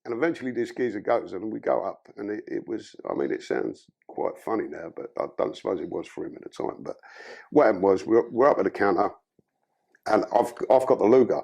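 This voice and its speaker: A man's voice: lowish voice, animated, a little fast, vocal fry, a little mellow, breathy edge. A man from London with a London accent, a podcast guest telling his life story in blunt, profane, casual talk.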